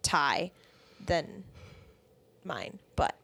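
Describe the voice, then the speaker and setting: A woman co-hosting a podcast in relaxed, casual chat. Her pitch swings widely and her voice has a gravelly edge. She acts out the lines of people in her stories. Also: drawn-out words. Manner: chatty, tells stories with acted-out quotes. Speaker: podcast co-host.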